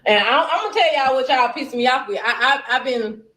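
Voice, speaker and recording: A woman's voice: sits high, animated, quick pace, sharp tone, roomy sound, poor audio. A woman talking bluntly on a casual livestream, heated and cursing. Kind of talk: casual livestream and phone talk.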